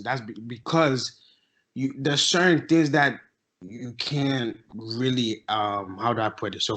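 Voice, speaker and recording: A man's voice: medium pitch, sharp tone. A man from Ghana making his point in a casual podcast debate, emphatic and argumentative, restarting his sentences often. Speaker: podcast guest, musician.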